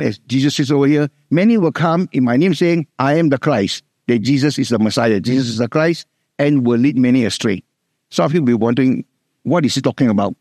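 A middle-aged man with a Singaporean English accent, preaching a sermon, repeating key words and slowing down to stress scripture. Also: medium pitch, darkish tone, dry recording, clean studio sound.

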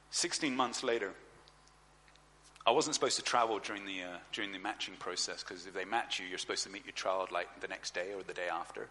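A male preacher tells a personal story from the stage, jumping into lively voices for the people in it. His tone is bright and forward, and the sound rings with the long reverb of a large hall. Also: sits low, a little fast, a little hiss or hum. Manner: animated storyteller, acts out dialogue. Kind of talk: sermon storytelling.

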